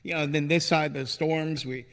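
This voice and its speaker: Man, gravelly voice, rambling storyteller, casual interview, long room reverb. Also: fairly high pitch, moderate pace. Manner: rambling, animated storyteller who acts out quotes. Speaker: ministry founder, podcast guest.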